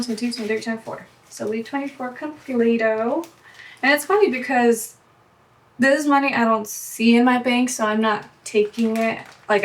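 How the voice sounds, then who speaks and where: Young woman counting cash out loud, kinda high voice, mic a bit far off, faint hiss. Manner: chatty, counts bills aloud, self-correcting. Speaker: budgeting vlogger. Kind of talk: casual talk while cash stuffing. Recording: voice from a distance, faint background noise.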